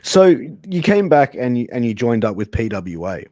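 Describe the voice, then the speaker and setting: A man's voice: medium pitch, big pitch swings, normal speed, warm tone. A man hosting a casual interview, asking follow-up questions with enthusiasm.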